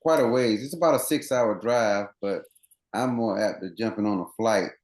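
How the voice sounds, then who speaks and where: A man's voice: on the low side, normal speed, darkish tone, echoey room. A man running coach, interviewed as a guest on a podcast, explaining things earnestly at length with many restarts.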